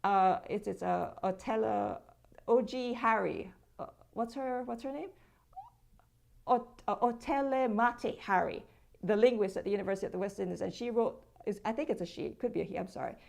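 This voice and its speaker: A woman's voice: medium pitch, moderate pace, vocal fry. A woman with a Jamaican accent in casual, emphatic conversation, often restarting her words. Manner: emphatic, animated, repeats words when restarting. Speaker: content creator.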